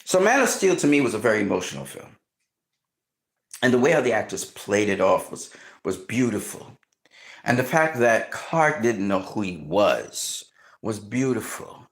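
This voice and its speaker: A man in casual film commentary, excitedly retelling movie scenes, swearing often and acting out reactions. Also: mid-range voice.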